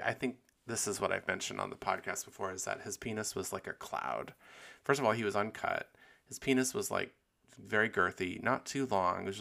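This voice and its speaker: A man's voice: lowish voice, vocal fry, pushed and bright. A young man hosting his own podcast, chatting candidly with lots of fillers and giggles. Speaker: podcast host. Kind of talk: casual solo podcast chat.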